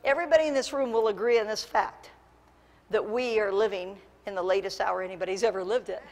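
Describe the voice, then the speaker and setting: A woman pastor preaching a lively sermon, telling stories and building to fervent shouts. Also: mid-range voice, fast. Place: church sanctuary. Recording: long church hall reverb.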